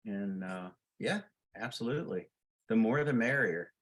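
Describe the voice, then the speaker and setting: A man's voice: fairly low pitch, animated, normal speed. A man on a podcast panel, joking around, laughing often and plugging his show. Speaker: panel regular, show organizer. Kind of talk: casual panel chat.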